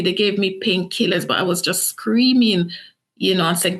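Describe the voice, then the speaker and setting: A woman's voice: mid-range voice, normal speed. A middle-aged woman from Jamaica, earnestly and emotionally telling her own story in an interview. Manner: earnest, emotional retelling with acted quotes. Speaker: author and interview guest. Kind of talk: personal story told in an interview.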